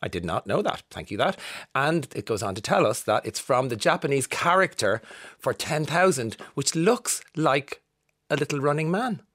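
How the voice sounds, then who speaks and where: A man's voice: medium pitch, lively intonation, normal speed, a bit bright. An Irish man in his fifties hosting a casual radio show from a studio booth, reading listener texts with jokey, self-mocking asides. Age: 50s. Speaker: radio host.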